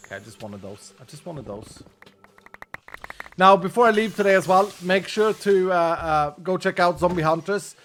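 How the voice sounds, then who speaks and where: A man's voice: sits high, lively intonation, moderate pace, noisy background. A man chatting casually and tiredly to viewers while streaming a game, joking and thinking aloud. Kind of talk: casual gaming livestream chat.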